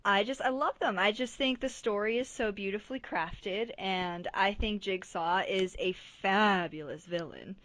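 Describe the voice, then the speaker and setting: A young woman co-hosting a podcast in casual chat, bubbly and excitable, laughing often. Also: medium pitch, normal speed, hardly any pauses. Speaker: podcast co-host.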